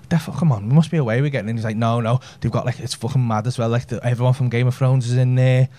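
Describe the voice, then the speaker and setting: A man's voice: mid-range voice, fairly even intonation, rapid-fire, hardly any pauses, a little mellow. A man, telling a brash, sweary story in a stand-up set. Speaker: stand-up comedian. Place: comedy club stage with audience laughter.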